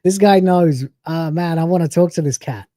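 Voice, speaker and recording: Mellow-voiced man ranting on stream. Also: on the high side, no echo. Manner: profane, ranting, quick to laugh. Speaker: streamer reacting to a video. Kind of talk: live stream commentary.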